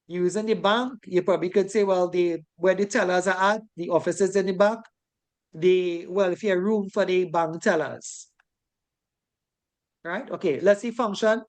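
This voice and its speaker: A woman's voice: medium pitch, a little mellow. A woman from the Caribbean with a Caribbean English accent, teaching a safety course in a chatty classroom lecture style and ending many sentences with "right?".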